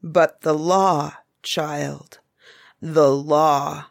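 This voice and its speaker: A woman's voice: lowish voice, slow, no room sound, clean studio sound. Woman doing a stern old forest master. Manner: grave, commanding.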